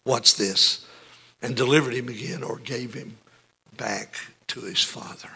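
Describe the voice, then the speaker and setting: An older man preaching a sermon as pastor, swinging between booming lines and hushed ones. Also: unhurried, gravelly, breathy edge.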